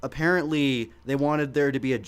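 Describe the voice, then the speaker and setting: Young man, mid-pitched voice, casual podcast chat, chuckles a lot, hesitant ums. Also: fairly even intonation, fairly quick, crowd noise. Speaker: podcast co-host.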